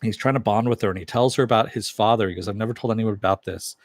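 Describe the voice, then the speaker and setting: A man with a low voice talks through an episode recap in a loose, rambling way. He keeps acting out the characters' lines in quotes and swears freely. The sound is dry and close, with no room behind him. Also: very fast, dry recording. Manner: rambling, recounts scenes with quoted dialogue and swearing. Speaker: TV episode reviewer. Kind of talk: casual recap monologue.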